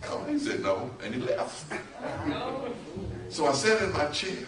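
A man preaching a storytelling sermon, who acts out the voices in his story and swings between loud and soft. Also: a little high, sing-song, a little slow, long pauses, recorded from a distance, crowd noise. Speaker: bishop preaching. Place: church sanctuary. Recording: echoey church from off-mic.

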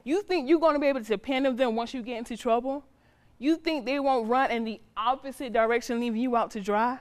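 A woman's voice: a little high, quick pace, lightly acted. A woman playing a stern, loving mother. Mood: stern scolding. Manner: scolding, pleading, colloquial. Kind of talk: drama acting.

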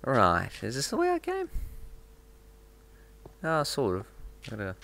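A man giving relaxed, playful commentary on his own gameplay, chatting to himself as he goes. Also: medium pitch, takes it slowly. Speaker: gaming video host.

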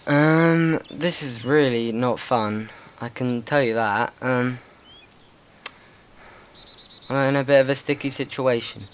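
A man's voice: medium pitch, a little slow, slight background noise. A young man hosting a gaming channel, giving casual, nervous, rambling commentary and talking to the zombies in his game.

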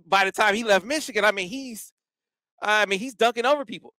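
A male podcast co-host with a slightly high, clear and crisp voice, telling his stories with lively emphasis. His talk is casual and excited, and the sound is bright and close to the mic. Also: fairly quick, no echo. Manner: animated, emphatic storytelling. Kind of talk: casual sports podcast chat.

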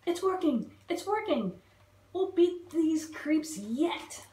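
A woman voicing a small, brave young female bug heroine who shouts her lines high and emphatically. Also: sing-song, fast talker. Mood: rallying. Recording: roomy echo.

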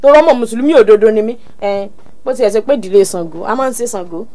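A woman's voice: a little high, very fast, mellow. A woman in her forties with a Nigerian accent, a radio studio guest, bantering in a teasing, theatrical way.

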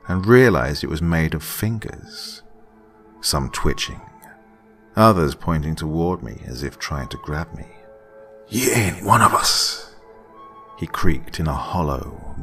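A man narrating a scripted horror story in a dramatic way, dropping at times into hushed whispers. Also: rumbling low.

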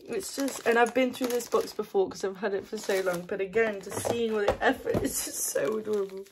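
A woman's voice: medium pitch, fairly even intonation, brisk. Brief: bubbly woman taste-testing at home, laughs easily and gushes, faint hiss behind her. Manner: bubbly, giggly and gushing, often laughing. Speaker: snack taster and ASMR creator. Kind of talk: casual chat tasting snacks. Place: her new house, indoors. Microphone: not her usual ASMR mic.

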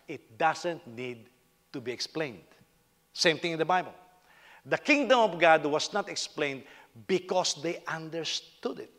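A man's voice: sits high, a bit bright, long reverb tail. A Filipino man, a senior pastor, giving a humorous, conversational sermon.

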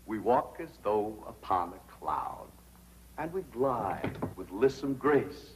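A man's voice: lowish voice, very animated, slow pace, background noise, exaggerated voice. An actor playing a pompous, theatrical young man who talks in grand, sing-song elocution, in a 1960s sitcom.

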